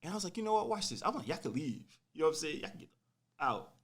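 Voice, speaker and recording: Animated young man telling a story. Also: a little high, very fast. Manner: animated, slangy, acts out quotes. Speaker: podcast host telling a story. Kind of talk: casual storytelling.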